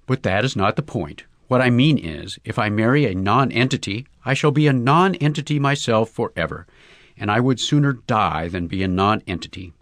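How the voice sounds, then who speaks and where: A man's voice: fairly low pitch, expressive, moderate pace, a bit bright, no room sound. A man voicing an ambitious young woman with a cool, scornful manner.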